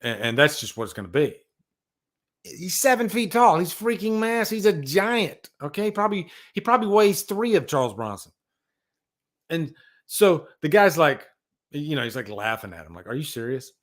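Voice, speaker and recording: A man hosting a casual livestream, rambling and animated as he tells stories and reads out chat. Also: on the high side, normal speed. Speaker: livestream host.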